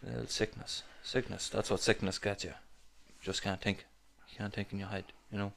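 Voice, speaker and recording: A man's voice: fairly low pitch, level tone, brisk, gravelly, fairly bright tone, a little hiss or hum. An Irish man co-hosting a podcast, swearing and teasing in casual banter. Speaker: podcast co-host.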